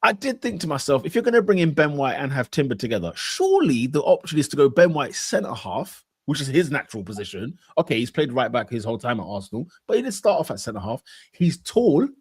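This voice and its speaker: Husky-voiced man in lively football chat. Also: mid-range voice, fast talker, dry recording, studio quality. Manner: animated, acts out his own reactions. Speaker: podcast co-host.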